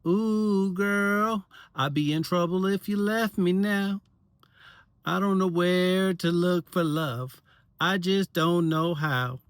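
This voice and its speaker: A man voicing an earnest, lovestruck eight-year-old boy, speaking slowly and crooning a love song. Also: medium pitch, a little mellow, dry recording, lightly acted. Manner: sincere, slow, singing love songs.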